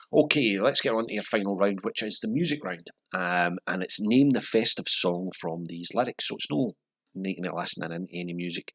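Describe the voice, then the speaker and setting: A Scottish man runs a casual pub quiz, wandering into sweary, wry tangents between questions. His voice sits very low with a gravelly fry. The tone has a husky edge. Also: bright, forceful tone. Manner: rambling, sweary, wry asides.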